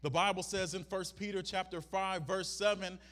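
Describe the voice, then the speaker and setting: The preacher's voice is high-pitched and a bit bright, holding a steady tone at normal speed. He leans on emphatic repetition throughout his sermon and drops in "Amen?" asides to engage the congregation.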